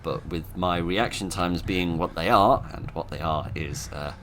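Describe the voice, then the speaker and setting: A gameplay commentator with a very deep voice does let's play commentary in a self-mocking, rambling way with dry humour. He speaks unhurriedly in a fairly bright tone, over a noisy background.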